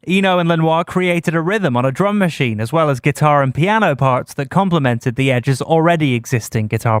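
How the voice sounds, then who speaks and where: A man hosting a music history podcast, reading scripted narration in a measured storytelling way. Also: on the high side, clean tone, no echo, clean studio sound. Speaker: podcast host.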